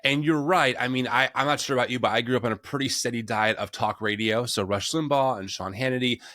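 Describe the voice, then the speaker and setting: A man's voice: medium pitch, fast, bright, forceful tone, no echo, studio quality. A man hosting a podcast interview who asks questions reflectively, thinking aloud with restarts. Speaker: podcast host. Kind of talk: conversational interview.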